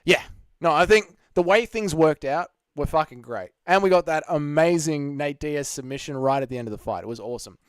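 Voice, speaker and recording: A man's voice: a little high, a little fast, clear, resonant tone, no room sound, clean studio sound. Sarcastic, foul-mouthed Australian man. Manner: sarcastic, profane and blunt. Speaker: live stream host reading chat. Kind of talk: casual live stream chat.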